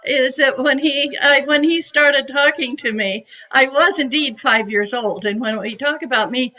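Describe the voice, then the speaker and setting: A woman in her eighties from California, a psychic medium telling her story to an audience in a chatty, animated way. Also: high voice, measured pace, rough recording. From California, USA. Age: 80s.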